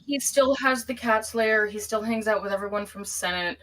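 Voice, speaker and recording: Shaky-breathed woman caller, earnest and halting. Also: medium pitch, a bit bright, poor audio. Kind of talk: emotional call-in conversation.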